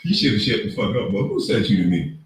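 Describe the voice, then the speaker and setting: A man's voice: lowish voice, big pitch swings, quick pace. Profane, mocking man in an echoey room. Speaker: online commentator. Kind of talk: ranting monologue. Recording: very echoey room, far from the mic.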